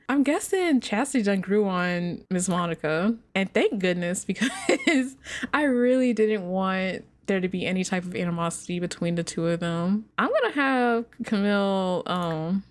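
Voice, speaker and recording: A young adult woman giving casual let's-play commentary, chatting straight to her viewers and laughing often. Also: lowish voice.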